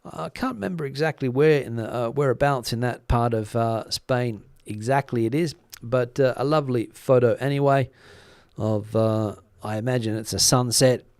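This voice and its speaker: A man's voice: mid-range voice, normal speed, a little mellow, no echo, clean studio sound. A man hosting a live stream, chatting casually with viewers, with frequent fillers and a slightly worn voice. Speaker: YouTube news channel host.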